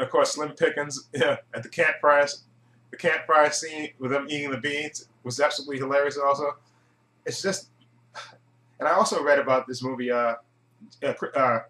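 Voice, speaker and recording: A man giving a casual, rambling movie review monologue, chuckling often and filling pauses with "uh". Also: medium pitch, sharp tone. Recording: echoey room.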